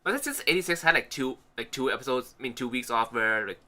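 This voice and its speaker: Fast, bright-voiced man chatting. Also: medium pitch, expressive. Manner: rambling, filler-heavy, many restarts. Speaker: podcast co-host. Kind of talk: casual chat.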